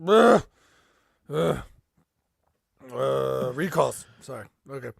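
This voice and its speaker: A man co-hosting a comedy podcast, rambling in animated casual chat. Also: medium pitch, slow, gravelly. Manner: rambling, animated, slips into silly impressions. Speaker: podcast co-host.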